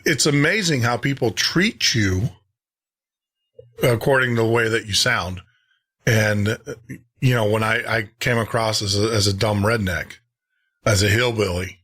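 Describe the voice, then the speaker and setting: Bright-voiced male host, halting delivery. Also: lowish voice, breathy edge. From Tennessee, US. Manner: halting, with frequent pauses and restarts. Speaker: radio show host. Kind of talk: casual chat.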